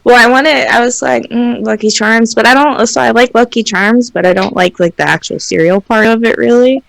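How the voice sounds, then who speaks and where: Gravelly, laid-back young woman. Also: a little high, a little fast, no room sound, rough recording. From Washington and Oregon. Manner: laid-back, giggly, swears casually. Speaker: co-host. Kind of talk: casual podcast chat.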